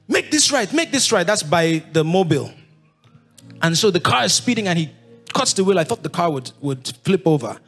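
A man with a Nigerian accent in his thirties, telling his life story to an audience in lively, animated storytelling. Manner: lively, acts out voices of others with big pitch jumps, laughs while telling.

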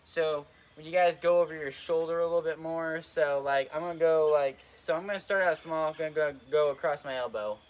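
Out of breath on an outdoor trampoline, a young man with a high-ish voice gives casual how-to tips for his vlog. He talks fairly quickly with few pauses, rambling, repeating himself, and leaning on "like" and "kinda."

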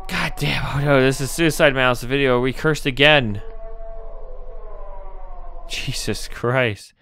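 This gamer speaks slowly and steadily in a mid-range, fairly bright voice while soft music plays behind him. Recording a let's play, he voices all the game dialogue himself and cries out when caught off guard.

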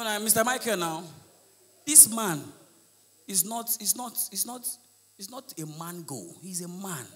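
A Nigerian man with a Nigerian accent doing live stand-up comedy, shouting his punchlines and slipping into Pidgin. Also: high voice, in a large hall. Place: large live comedy venue with audience.

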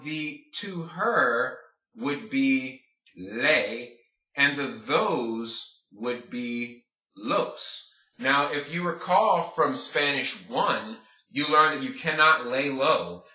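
A man teaching Spanish grammar in a video lesson, explaining each step slowly as he writes it out. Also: medium pitch, bright, forceful tone. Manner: explains step by step, writing on a board. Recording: roomy, dull lo-fi sound.

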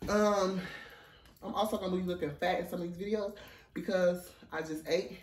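A young man, filming a casual try-on haul in his dorm room, out of breath, playful and sassy, with excited high squeals. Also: normal speed, far from the mic. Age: young adult. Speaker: vlogger. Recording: roomy, from off the mic.

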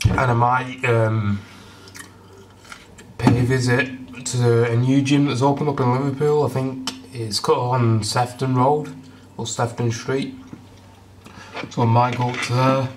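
A man's voice: mid-range voice, flat delivery, unhurried, long pauses. A young man chatting casually in a home vlog, eating as he talks, sounding congested from a cold. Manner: chatty, rambling, eats while talking. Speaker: fitness vlogger. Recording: distant camera mic, noisy room.

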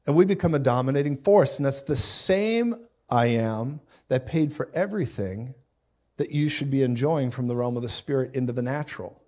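A middle-aged man preaching a sermon, telling the story with animated, acted-out voices and loud bursts. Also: mid-range voice, moderate pace.

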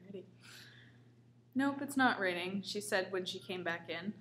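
A woman's voice: medium pitch, expressive, normal speed, a bit bright, slight background noise. A woman reading a comic story aloud in a casual way, with small stumbles. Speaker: story reader.

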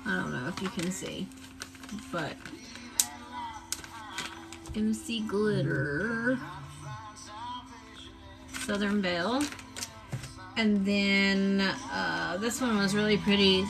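A woman talks slowly and chattily through her craft haul on a live stream, unhurried and enthusiastic, with plenty of fillers. Music plays clearly behind her voice. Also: mid-range voice, rough recording. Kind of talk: casual live-stream chat.

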